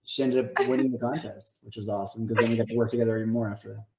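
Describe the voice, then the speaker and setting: A man's voice: medium pitch, fairly even intonation, very fast, background noise. A man who made the game, rambling as he retells a story on a call. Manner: rambling, laughs while retelling. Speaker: game developer. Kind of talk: casual storytelling. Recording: echoey room on a call.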